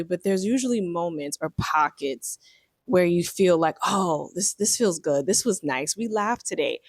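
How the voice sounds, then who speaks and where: A woman in her thirties, a marriage coach, telling a personal story in a reflective, earnest way with many fillers, turning animated in her examples. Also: medium pitch, no room sound, studio quality.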